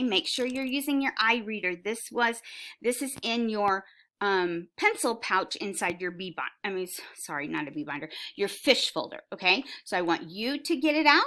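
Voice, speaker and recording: A woman's voice: a little high, pushed and bright. A woman teacher reading a sight word book aloud to young children, word by word, with encouraging prompts.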